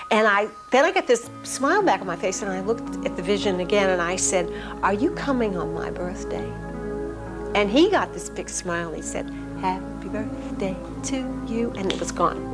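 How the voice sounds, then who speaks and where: A woman's voice: mid-range voice, poor audio. Hesitant woman telling a personal story. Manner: hesitant, with many fillers and restarts. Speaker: interviewee. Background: music.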